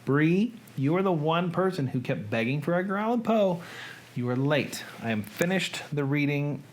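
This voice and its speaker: A man's voice: on the high side, lively intonation, moderate pace, slight background noise. A man hosting a casual livestream from his home editing room, chatting and greeting viewers by name. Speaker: host.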